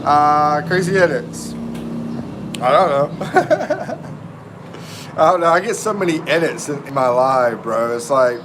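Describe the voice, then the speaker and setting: A man's voice: a little high, a bit bright, a little hiss or hum. A middle-aged man from North Carolina, hosting a casual live stream and greeting viewers by name in a laid-back, chatty way.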